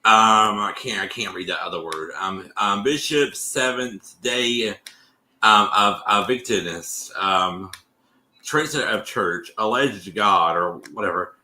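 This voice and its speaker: A man on a livestream reading a post aloud haltingly, stumbling over words with fillers. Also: lowish voice, sharp tone, roomy sound.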